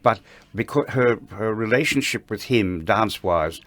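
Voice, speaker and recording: Older Australian man telling lively stories. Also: lowish voice, normal speed, dry recording. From Sydney, Australia. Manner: lively raconteur, laughing, with frequent restarts. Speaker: interview guest, retired ballet dancer. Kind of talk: anecdotal storytelling.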